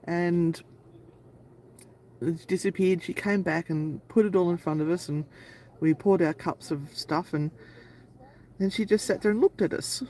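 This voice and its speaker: A woman's voice: on the low side, a little slow, long pauses, dark tone, slight background noise, poor audio. A woman co-hosting a live stream, telling a long travel anecdote in a chatty, rambling way. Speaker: paranormal channel co-host. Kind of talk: casual live-stream storytelling.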